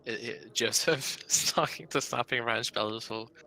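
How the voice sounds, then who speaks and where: A man's voice: medium pitch, moderate pace, gravelly, sharp tone, rough recording. A man describing his character's actions in a tabletop game, with many hesitations. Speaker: player. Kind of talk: tabletop role-play.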